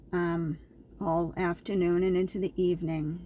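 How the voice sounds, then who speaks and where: A woman's voice: fairly low pitch, moderate pace, mellow, a little hiss or hum. A woman vlogger casually telling her viewers a story, chatty and repetitive, with an indignant edge.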